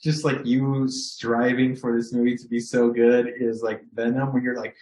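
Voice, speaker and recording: A man with a Southern Californian accent, co-hosting a podcast in casual chat, animated, swearing often and acting out his reactions. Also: mid-range voice, normal speed. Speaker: podcast co-host. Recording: echoey room.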